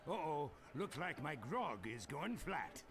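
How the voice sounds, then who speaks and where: A man's voice: fairly high pitch, big pitch swings, slow, background noise. An actor voicing a teasing, laid-back male pirate in a game, with a drawling, mocking manner. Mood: chatty. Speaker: game character.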